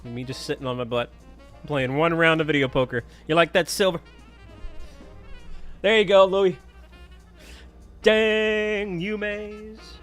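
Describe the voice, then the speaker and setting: A man's voice: fairly high pitch, normal speed, pauses often, fairly bright tone, faint music behind. A man chatting casually with viewers during a live stream, telling stories and humming to himself.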